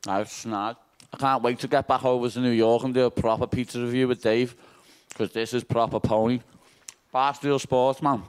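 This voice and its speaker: A man's voice: medium pitch, clean tone. A man with a Liverpool accent answering press conference questions after a fight, brash and cheeky and swearing freely.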